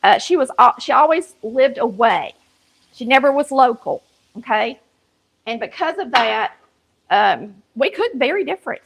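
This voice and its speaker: A woman's voice: fairly high pitch, lively intonation, unhurried, gravelly, slightly rough, rough recording. A woman with a country Southern accent hosting a cooking show, chatting folksily to viewers while she cooks in her kitchen. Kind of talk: casual cooking chat to viewers. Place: home kitchen.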